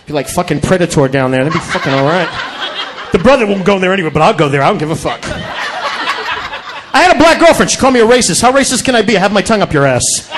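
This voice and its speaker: Very high-voiced brash male comic. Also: very animated, fast, noisy background. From Connecticut. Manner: crude, brash and profane, riffing at the crowd. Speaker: stand-up comedian. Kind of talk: stand-up routine. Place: comedy club stage.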